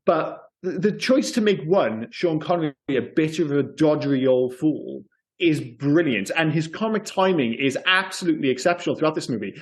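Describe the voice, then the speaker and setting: A man in casual podcast chat with a voice pitched a little above the usual. He sounds enthusiastic and rambles eagerly, stacking asides as he goes. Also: expressive, normal speed. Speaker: podcast co-host.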